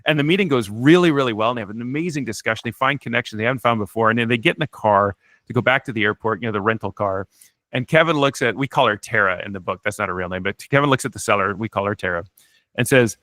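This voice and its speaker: A man being interviewed as an author, telling a story in an animated way and often restarting his sentences. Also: medium pitch, fast, no echo. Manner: animated, acts out quotes, frequent restarts. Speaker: author and guest.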